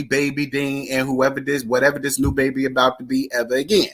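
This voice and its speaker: A man's voice: mid-range voice, level tone, a little fast, few pauses, bright, forceful tone. A man, sassy and dramatic as he chats casually about reality TV gossip. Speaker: gossip vlogger.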